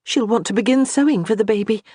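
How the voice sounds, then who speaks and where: A narrator voicing a kind, calm young noblewoman in an audiobook. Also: mid-range voice, fast, breathy edge, no room sound, studio quality, voice pushed up, natural voice. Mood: gentle. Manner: soft, reassuring. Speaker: character in an audiobook. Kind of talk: audiobook character reading.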